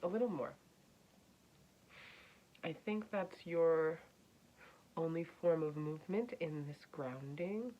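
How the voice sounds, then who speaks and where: A woman giving a casual spoken astrology reading, blunt and swinging from hushed near-whispers to loud, emphatic bursts. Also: sits low, slow pace, long pauses, dull audio, slight background noise. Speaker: astrology reader.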